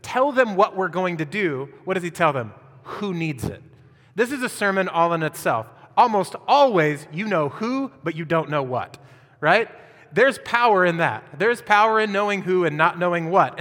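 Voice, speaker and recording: A male pastor preaching a sermon, reading scripture and asking the congregation rhetorical questions in an animated way. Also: high voice. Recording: long hall reverb.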